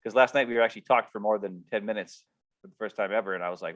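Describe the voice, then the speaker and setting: A middle-aged man telling a casual, animated story as a podcast co-host, acting out coworkers as he goes. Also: on the low side, fast. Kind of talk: casual rant. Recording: dull lo-fi stream audio.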